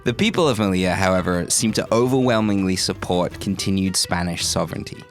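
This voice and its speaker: A man's voice: sits low, a little fast, faint music behind. A man co-hosting a podcast, chatting in a teasing, joking way and reading scripted intro lines. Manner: teasing, jokey. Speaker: podcast co-host.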